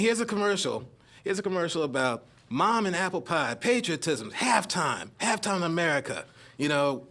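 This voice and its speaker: Lively first-time stand-up comic. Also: male voice, a little high. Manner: nervous first-timer, rambling with fillers. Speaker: stand-up comedian. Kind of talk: stand-up set. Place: comedy club stage.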